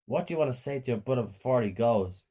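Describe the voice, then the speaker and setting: A man voicing a cruel, abusive mother in a high, shrill, insulting voice. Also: animated, fast, dark tone, close to an everyday voice. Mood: sneering.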